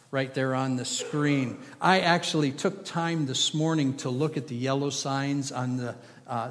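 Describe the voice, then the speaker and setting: Animated man preaching in a reverberant hall. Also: medium pitch. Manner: animated, folksy storytelling with emphatic stress. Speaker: guest preacher. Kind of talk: sermon. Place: church sanctuary.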